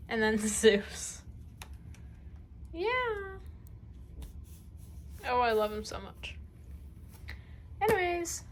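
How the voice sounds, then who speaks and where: A woman's voice: mid-range voice, slight background noise, rough recording. Gushing, rambling young woman. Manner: gushing, rambling, trails off into mumbles. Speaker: artist showing her sketchbook. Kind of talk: casual sketchbook tour.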